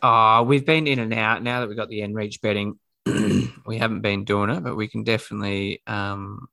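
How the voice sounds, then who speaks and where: Low-voiced relaxed Australian man. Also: moderate pace, vocal fry, no room sound. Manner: relaxed, brief replies. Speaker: podcast host. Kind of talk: casual chat.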